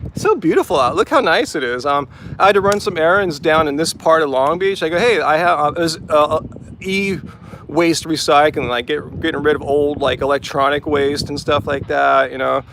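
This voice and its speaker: A man with a slightly high, bright voice and some vocal fry hosts a live-stream Q&A from a vehicle after a run, talking a little fast. He's easygoing and chatty, leaning heavily on "like" and "um." There's slight background noise.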